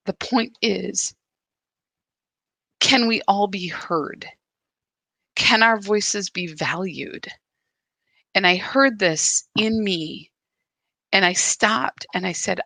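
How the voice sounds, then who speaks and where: A woman's voice: medium pitch, bright, forceful tone, no room sound. A woman hosting a daily spiritual practice, speaking earnestly and emphatically, often restarting her sentences as she reflects.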